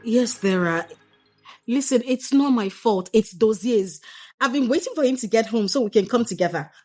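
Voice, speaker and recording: A woman's voice: fairly high pitch, animated, moderate pace, a little mellow, soft background music. An actress with a Nigerian accent playing a young wife who is exasperated with her neglectful husband and repeats herself when angry. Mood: impatient. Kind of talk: Nigerian film drama acting.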